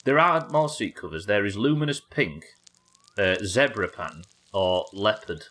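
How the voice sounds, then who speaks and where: A man with a lowish, lively voice talks at normal speed in a pushed, bright tone while live-streaming a game. He chats casually, cracks jokes, and swears freely throughout his gameplay commentary.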